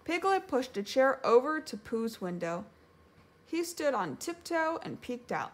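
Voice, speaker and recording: A woman narrating a children's storybook in a gentle, measured way. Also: high-pitched, very animated. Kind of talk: storybook read-aloud.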